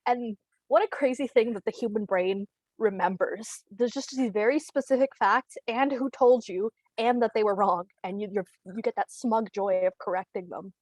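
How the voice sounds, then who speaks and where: A woman's voice: on the high side, normal speed, a little mellow, no room sound, rough recording. Chatty woman doing stand-up on a video call. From Canada. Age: 30s. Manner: rambling, self-deprecating, with frequent laughs and fillers. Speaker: comedian. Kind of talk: stand-up comedy at a virtual open mic.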